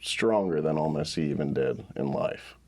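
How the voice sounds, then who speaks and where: A man running a tabletop game, narrating scenes in a relaxed, playful way. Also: a bass voice, normal speed. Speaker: game master.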